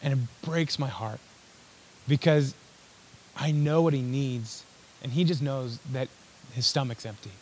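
A man's voice: medium pitch, unhurried, pauses often, darkish tone, slightly rough. A young man preaching a sermon in a casual, conversational way, full of fillers and joking asides. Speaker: pastor.

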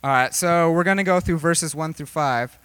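Young male preacher, casual rambling sermon, bright tone, fairly high voice, dry sound. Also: moderate pace, clean tone, no echo. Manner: rambling, filler-heavy, jokey. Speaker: youth preacher.

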